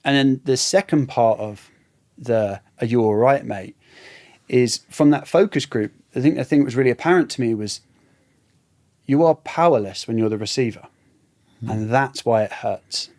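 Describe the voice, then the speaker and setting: A man, a podcast guest talking reflectively and haltingly, often trailing off. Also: mid-range voice, darkish tone. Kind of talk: casual conversation.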